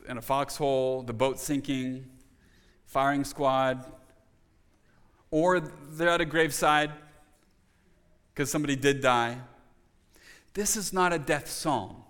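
A man's voice: medium pitch, slow, pauses often, a bit bright, clear, resonant tone, long reverb tail. A man preaching a sermon as a pastor, asking his congregation rhetorical questions and restarting his phrases as he stresses his points.

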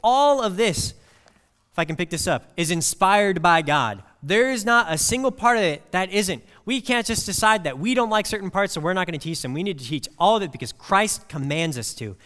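A man delivers a sermon at a moderate pace, his fairly high voice swinging up and down with energy. His style is conversational, mixing personal stories with scripture, while the church sanctuary's long hall reverb lingers behind each phrase.

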